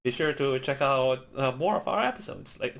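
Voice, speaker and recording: A man's voice: medium pitch, animated, moderate pace, vocal fry, fairly bright tone. A man co-hosting a podcast, talking casually with many fillers. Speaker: podcast co-host. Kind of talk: casual chat.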